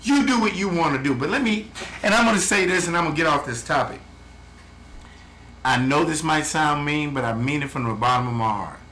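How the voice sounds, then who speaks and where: Man, American, travel vlogger; blunt and heated, bright forceful tone, roomy echo. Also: a little high, brisk. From United States. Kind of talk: ranting video update. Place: home in the Philippines. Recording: echoey room, faint background noise.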